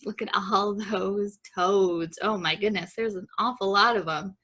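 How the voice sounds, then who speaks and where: A woman librarian reading a picture book aloud at children's story time, expressive and rhythmic, with chatty asides to the kids. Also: medium pitch, measured pace. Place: library program.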